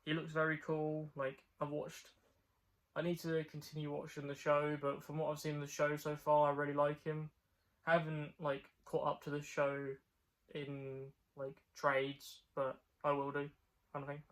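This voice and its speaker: A man's voice: on the high side, monotone, a little slow, fairly bright tone. A young man chatting casually about his comic book haul, rambling with lots of fillers. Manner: rambling, filler-heavy, repeats "like".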